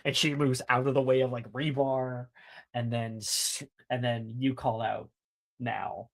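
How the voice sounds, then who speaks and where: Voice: mid-range voice, little pitch movement, measured pace. A game master narrating a tabletop game, rambling with many fillers and casual swearing.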